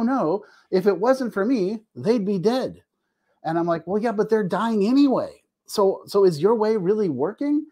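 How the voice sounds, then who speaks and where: A middle-aged man, a family addiction therapist, telling candid personal stories in a podcast interview and acting out the people he quotes. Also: a little high. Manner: animated, acts out quoted dialogue, frequent restarts.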